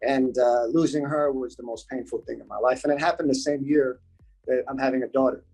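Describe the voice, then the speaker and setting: A man's voice: mid-range voice, steady tone, a little fast, darkish tone, faint music behind, rough recording. A man from the United States, a podcast guest talking in a casual interview, earnest and repeating his points for emphasis.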